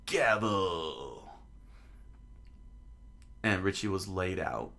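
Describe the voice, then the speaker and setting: A man casually reading a story aloud, halting often to restart lines and getting excited in the action. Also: sits low. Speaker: reader.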